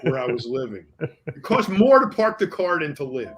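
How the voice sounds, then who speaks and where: A man co-hosting a casual talk radio show, chiming in with quick remarks. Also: a little high, big pitch swings, a bit bright, slight background noise. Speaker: co-host.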